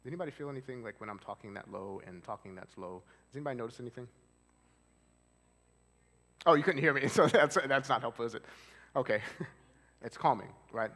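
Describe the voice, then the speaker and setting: A man's voice: mid-range voice, brisk, long pauses, a bit bright. A male therapist giving a casual church seminar, talking conversationally and asking the audience questions. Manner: conversational, asks the audience questions, loose with fillers. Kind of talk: casual live presentation to an audience. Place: church hall with long reverb. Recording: reverberant church hall.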